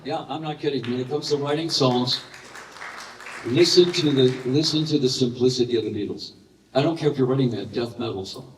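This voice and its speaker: An older man telling animated anecdotes as a guest in a live question-and-answer session, breaking into laughter. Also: mid-range voice, fairly quick, slight background noise. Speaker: interview guest. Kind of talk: storytelling in a live Q&A. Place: large hall with live audience. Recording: roomy echoey hall, heard from a distance.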